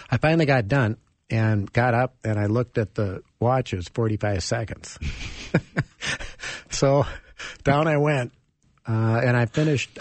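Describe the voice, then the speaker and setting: A man, a guest author, telling an animated personal story in an interview and acting out the dialogue. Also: mid-range voice, dry recording.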